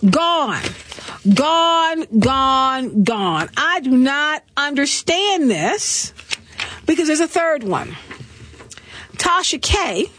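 Sassy high-voiced woman host. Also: slow pace, pauses often, slight background noise. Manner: animated, sassy storytelling with laughs and mock voices. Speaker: talk show host. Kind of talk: comedic gossip commentary.

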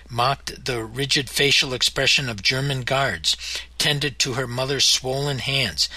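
Male audiobook narrator, somber memoir reading, husky edge, mid pitch. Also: sharp tone, no room sound, low-quality recording.

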